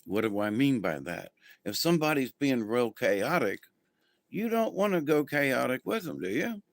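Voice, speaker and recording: A man's voice: medium pitch, sing-song, moderate pace, gravelly, dry recording. A man hosting a casual spiritual livestream, talking to viewers in a rambling, easygoing way with many ums and restarts. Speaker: spiritual channel host.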